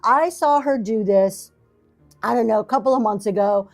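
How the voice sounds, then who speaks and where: A woman's voice: on the high side, normal speed, faint music behind. A middle-aged woman hosting a casual livestream from her basement, rambling and encouraging, with lots of fillers and restarts. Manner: rambling, self-deprecating, encouraging, many fillers. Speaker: livestream seller and talk show host. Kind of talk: casual livestream chat to viewers. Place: home basement. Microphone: camera in front of her.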